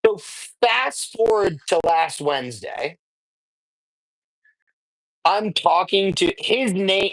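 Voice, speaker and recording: A male host tells a story at an unhurried pace, his pitch swinging up and down freely. He rambles in a casual, chatty way and keeps tossing in "right?". The recording is dry and close. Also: fairly bright tone, no room sound, poor audio. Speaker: host of a sports card show. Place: sports memorabilia shop.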